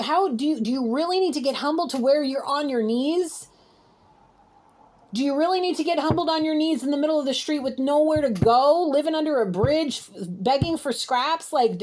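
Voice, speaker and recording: A woman's voice: high voice, darkish tone. A woman giving an intuitive tarot reading to camera from home, talking in a heated, scolding, exasperated way. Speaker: intuitive reader. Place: home, alone with pets.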